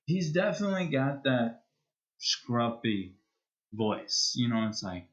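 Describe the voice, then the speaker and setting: Slow, rambling male streamer. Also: mid-range voice, very animated, fairly bright tone, muffled recording. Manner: rambling and hesitant, with many restarts. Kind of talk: casual chat wrapping up a live stream.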